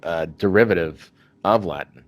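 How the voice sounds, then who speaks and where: A man's voice: low-pitched, normal speed, dry recording. A man hosting a podcast in casual chat, rambling with many restarts and fillers. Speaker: podcast host.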